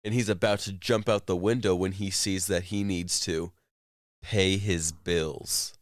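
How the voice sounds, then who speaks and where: A man's voice: sits low, fairly even intonation, unhurried, dry recording, studio quality. A man co-hosting a casual chat show, rambling through a story with fillers. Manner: rambling retelling with fillers and laughs. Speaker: co-host.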